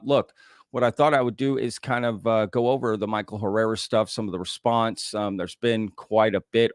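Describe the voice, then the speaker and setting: Saying "y'all" often, this live-stream host drawls casually as he greets his viewers and chats. The recording is dry and studio quality, and his voice is lowish.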